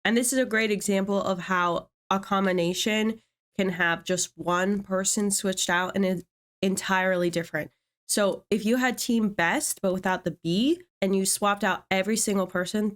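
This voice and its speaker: A woman's voice: medium pitch, fairly even intonation, moderate pace. Chatty young woman thinking aloud. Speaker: video creator. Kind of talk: casual chat.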